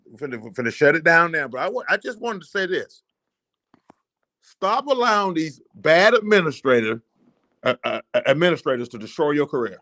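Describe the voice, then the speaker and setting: A man's voice: a little high, sing-song, fairly quick, pushed and bright. A man with a Southern American accent telling an emotional story as a show host, repetitive and rising with indignation. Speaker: teachers' association advocate hosting a show. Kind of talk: impassioned spoken monologue.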